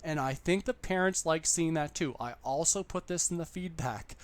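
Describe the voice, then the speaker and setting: Man, slightly high voice, casual how-to talk to camera, upbeat and repetitive. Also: normal speed. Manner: upbeat, chatty, repeats points. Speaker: online English teacher giving tips.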